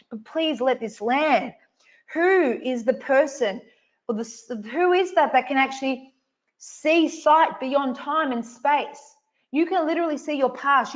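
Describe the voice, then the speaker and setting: A woman with a high-sitting voice comes through on a muffled recording. She's an online event host running a live coaching session, speaking emphatically and repetitively to viewers and swearing casually.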